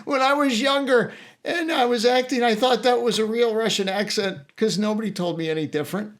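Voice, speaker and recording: A man's voice: very high-pitched, a little fast. A man co-hosting a podcast in casual chat, joking and laughing often as he tells anecdotes. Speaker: podcast co-host.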